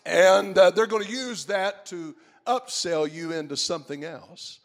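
A man preaching a sermon, moving from quiet storytelling to shouted preaching. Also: high-pitched, measured pace, gravelly.

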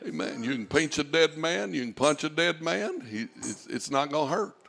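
Pastor, male, slightly high and bright, preaching with big swells and hushes. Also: animated, moderate pace, vocal fry. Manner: fervent, swells to shouts and drops to a hush. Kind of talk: sermon.

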